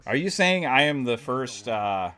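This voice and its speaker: A man's voice: medium pitch, sing-song, measured pace, pushed and bright. A man chatting casually on a live stream, rambling with lots of fillers and swearing freely. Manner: rambling, many fillers, profane.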